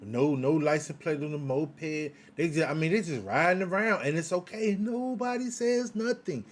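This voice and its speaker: A man's voice: on the high side, normal speed. A man from the United States giving heated political commentary in a live audio chat room, emphatic and repetitive, posing rhetorical questions. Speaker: guest commentator.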